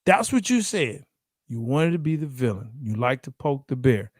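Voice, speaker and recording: A man hosting a casual sports debate show, animated, laughing often and acting out quotes. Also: mid-range voice, moderate pace, dry recording, studio quality.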